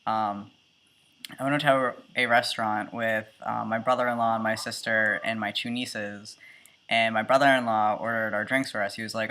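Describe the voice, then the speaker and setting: A man's voice: lowish voice, steady tone, normal speed, sharp tone. A man in his early twenties talking casually in a video diary, chatty and full of ums and likes. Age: 20s. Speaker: vlogger.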